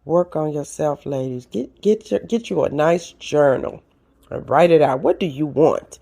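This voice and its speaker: A seasoned woman hosts her own advice show, talking straight at her listeners. Her voice sits a little low with a gravelly edge. She is animated and a bit preachy. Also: a little slow. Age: older. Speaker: podcast host. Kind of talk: casual advice talk.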